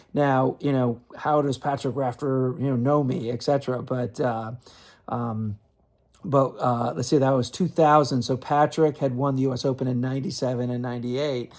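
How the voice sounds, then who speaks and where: A man, a tennis magazine writer, telling a story in a casual, rambling way full of fillers and restarts. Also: mid-range voice.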